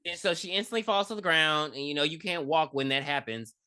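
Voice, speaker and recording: A woman's voice: deep voice, fairly quick, clear, resonant tone. A woman co-hosting a podcast, casually and profanely recapping a horror movie and acting out its characters. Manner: profane, animated, acts out characters in her retelling. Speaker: podcast co-host.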